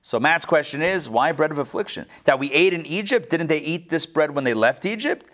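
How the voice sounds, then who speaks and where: A man teaching a class, and his voice sits a little on the high side. He swings his pitch up and down a lot as he jokes and fires questions at the room. He leads a lively group discussion. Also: a little fast. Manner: animated, joking, asks the group many questions. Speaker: teacher leading a text study. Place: classroom with an online audience.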